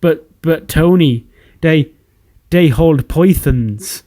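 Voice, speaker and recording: A brawny male wrestler taunting his rivals with slow sarcasm, as a man acts him out. The recording is dry and close. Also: mid-range voice, steady tone, warm tone, no echo, natural voice. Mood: sarcastic.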